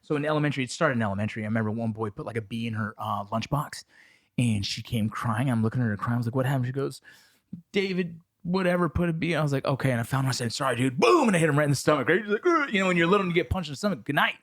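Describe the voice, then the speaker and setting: A man in his thirties hosting a podcast, telling stories casually, animated and full of profanity. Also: medium pitch, rapid-fire. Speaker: podcast host. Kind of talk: casual conversation.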